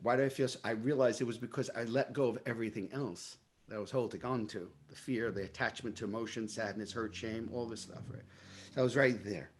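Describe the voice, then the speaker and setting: A middle-aged man with a New York accent, telling stories in an interview and acting out his own past dialogue with lively energy. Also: lowish voice, fairly quick. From Brooklyn, New York. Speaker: guest. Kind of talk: storytelling in a casual interview.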